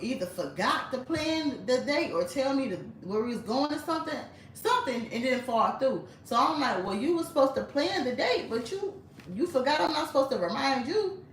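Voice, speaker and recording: Animated young black woman storyteller. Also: fairly high pitch, a little hiss or hum. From United States. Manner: animated, laughing often, acts out quoted voices. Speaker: storyteller host. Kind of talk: casual storytime monologue. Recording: roomy, mic at a distance.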